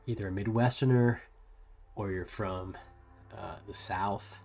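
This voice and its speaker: Easygoing low-voiced American host. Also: male voice, steady tone, a little slow, a little mellow, soft background music. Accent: soft US West Coast American. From US West Coast. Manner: easygoing, chatting to viewers while working. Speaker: livestream host. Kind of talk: casual livestream chat while painting.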